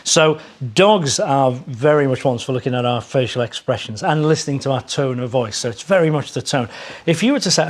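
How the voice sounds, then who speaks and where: A man's voice: mid-range voice, animated, brisk. An English man, a dog trainer, patiently explaining dog behaviour in a TV studio chat. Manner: explains patiently, acts out dog owners' voices.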